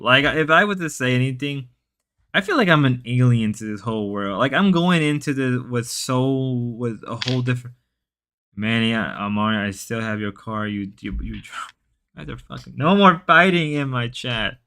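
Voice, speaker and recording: A man hosting a casual livestream, chatting and reading his viewers' messages aloud. He rambles and stumbles through restarts. His voice is bright, with a crisp, smooth clarity. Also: medium pitch, lively intonation, moderate pace.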